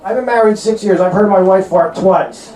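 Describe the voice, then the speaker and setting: Stand-up comic, male, 30s, North Jersey accent, pitched high, brash and crude, in a roomy club. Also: dark tone. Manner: brash, crude punchlines with quick asides. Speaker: stand-up comedian. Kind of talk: stand-up comedy set. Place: comedy club stage. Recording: roomy club with laughing crowd. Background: audience laughter.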